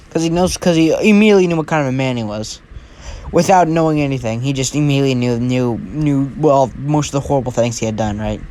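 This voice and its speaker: A man's voice: on the high side, a little mellow. A young man casually retelling his own fan-fiction story, rambling with restarts and frequent "right?".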